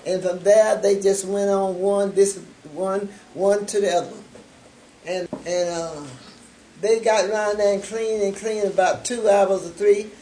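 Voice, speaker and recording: A woman's voice: medium pitch, steady tone, dark tone, a little hiss or hum. An older woman giving a spoken testimony of faith as founder of a charity. She tells the story unhurriedly and acts out both sides of remembered conversations, with many repetitions of "I said" and "he said". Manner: unhurried, with repeated "I said" and "he said". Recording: roomy echo.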